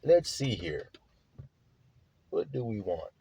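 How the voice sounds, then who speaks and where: A man's voice: lowish voice, very animated, takes it slowly, creaky, warm tone, husky. A man preaching a sermon, reading scripture aloud and breaking in with questions to his listeners, in a blunt, casual manner with slang and swearing, stretching out key words for emphasis.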